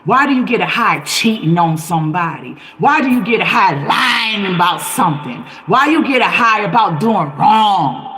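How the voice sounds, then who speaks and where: A woman's voice: mid-range voice, expressive, normal speed, few pauses, noisy background. A woman talking to her live-stream viewers in a passionate, preachy monologue, firing off rhetorical questions. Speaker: livestream host.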